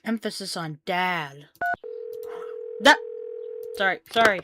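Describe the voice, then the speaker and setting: Chatty woman with a low voice. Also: takes it slowly, very noisy. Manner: chatty, joking. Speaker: gamer. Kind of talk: casual gameplay commentary.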